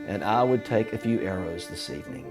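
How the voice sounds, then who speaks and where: A man's voice: lowish voice, fairly quick, music in the background. A man hosting a charity fundraiser, reading announcements and introducing a comedian in an earnest way. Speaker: event host. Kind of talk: scripted event announcement.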